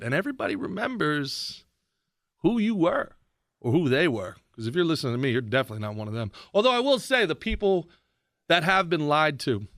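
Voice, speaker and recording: A man hosting his own podcast, ranting sarcastically about politics in a mocking, animated way. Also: a little high, dry recording, studio quality. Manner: sarcastic, mocking, animated rant with shouted impressions. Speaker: podcast host.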